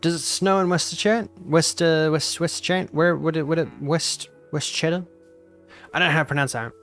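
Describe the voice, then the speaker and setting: A man's voice: fairly high pitch, steady tone, normal speed, a bit bright, soft background music. Playful young streamer guy. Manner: playful, teasing, repeats phrases mock-indignantly. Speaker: VTuber streamer. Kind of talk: casual live-stream chat.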